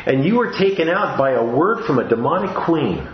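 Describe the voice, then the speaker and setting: A man's voice: fairly high pitch, very animated, normal speed. Man preaching in a roomy church. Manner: earnest, with frequent restarts and repeated phrases. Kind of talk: sermon. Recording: roomy, dull-sounding recording.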